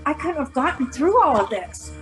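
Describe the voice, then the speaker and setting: A woman in her fifties, a former corrections officer, telling personal stories in an animated, humorous way and acting out the voices of others. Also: high voice, moderate pace, over music, poor audio. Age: 50s. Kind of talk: casual storytelling interview.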